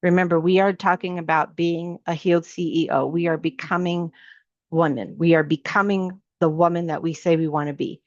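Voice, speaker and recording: A woman's voice: lowish voice, fairly even intonation, moderate pace, no room sound. A woman life coach giving a motivational teaching talk, emphatic and repetitive in a sermon-like way, casual with her listeners. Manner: casual, addresses listeners as sis. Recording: slightly dull, lo-fi recording.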